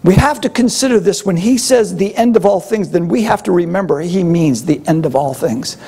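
An older man preaching a sermon, animated and humorous, sometimes acting out grumbling voices. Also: sits high, normal speed, creaky, breathy edge. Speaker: pastor.

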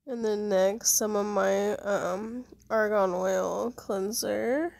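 A woman's voice: medium pitch, steady tone, vocal fry, darkish tone. A woman in her twenties with a sore throat and runny nose, casually walking through her skincare routine and swearing now and then. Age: 20s. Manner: unhurried, listing products one by one, casual swearing. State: sick with a sore, congested voice. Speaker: beauty vlogger.

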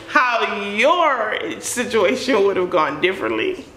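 A woman vlogger telling a personal story time in an animated, joking, confessional way. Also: mid-range voice, slow, few pauses. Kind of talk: storytime vlog. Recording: roomy echo.

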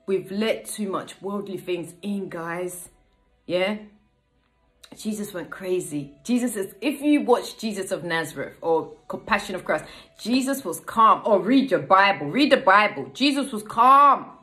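A woman's voice: mid-range voice, expressive, unhurried, a bit bright, soft background music. A woman preaching a casual online sermon, often checking in with "yeah?" and repeating phrases for emphasis.

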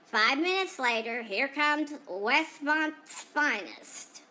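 A woman's voice: sits high, animated, slow pace, sharp tone, exaggerated voice. A woman voicing a chatty female dog who tells about her day in a rambling, gossipy way, full of asides. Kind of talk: first-person pet vlog narration.

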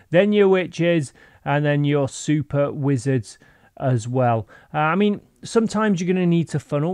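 A man's voice: fairly high pitch, no echo. A man hosting a gaming channel, giving playful, rambling gameplay commentary with goofy asides over a voice-over mic.

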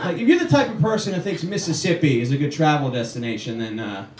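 A man's voice: a little high, sing-song, fast talker, crowd noise. A man doing a stand-up comedy set in a small club, sarcastic and ranting, swearing often. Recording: roomy club audio from far off.

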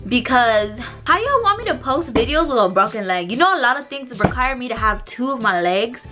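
A woman's voice: a little high, sing-song, fairly quick, over music. A woman in her twenties, out of breath, chatting in a dramatic, complaining way as a casual vlogger at home. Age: 20s. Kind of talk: casual vlog chat.

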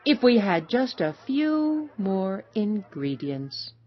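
A woman voicing a cheerful, boastful male traveling cook in an animated storybook, announcing in a showy, sing-song way. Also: medium pitch, slow pace. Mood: cheery. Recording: slightly dull recording, faint noise.

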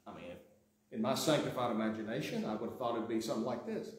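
A man's voice: medium pitch, expressive, fast. A man preaching a sermon as pastor, talking conversationally with many restarts and acting out the quotes he reads. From Sweetwater. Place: church sanctuary. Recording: very echoey sanctuary.

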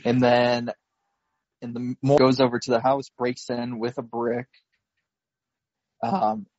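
A man co-hosting a podcast, slowly recapping a film plot in casual chat, with lots of fillers and laughs. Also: mid-range voice, little pitch movement, darkish tone, no room sound, lo-fi sound. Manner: slow, rambling recap with frequent fillers and laughs. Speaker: podcast co-host.

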